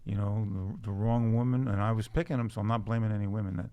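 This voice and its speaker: A man's voice: on the low side, fairly even intonation, fast, gravelly, warm tone, clear, resonant tone, dull audio. A man as a podcast guest, telling personal stories in casual chat and often laughing as he goes. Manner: reflective, laughs through his stories.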